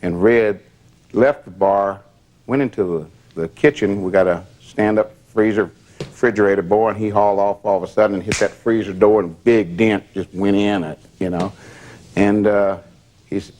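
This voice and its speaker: An older man, a former bodyguard, telling stories in a plain, steady way during a candid interview. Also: fairly low pitch, moderate pace.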